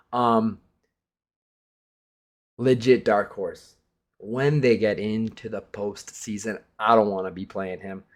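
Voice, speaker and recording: Young guy running his fantasy league, roasting himself, swearing a lot, just chatting the recap. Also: on the low side. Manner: self-mocking, animated, swears freely. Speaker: fantasy hockey league commissioner. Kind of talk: casual league recap monologue.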